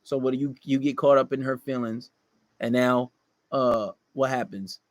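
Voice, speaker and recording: A man's voice: medium pitch, steady tone, moderate pace, no echo. A man delivering a blunt, profane dating-advice monologue to male listeners, often mocking the people he quotes.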